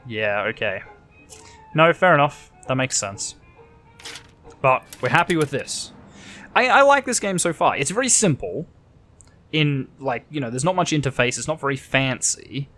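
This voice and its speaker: An Australian man narrates his own playthrough of a game, thinking aloud in a chatty, offhand way with the odd mild swear. His voice sits at a middling pitch and moves around a lot as he talks. Faint game music plays behind him. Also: big pitch swings, moderate pace, long pauses, bright, forceful tone. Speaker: let's play host. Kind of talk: casual gameplay commentary, reading game text aloud.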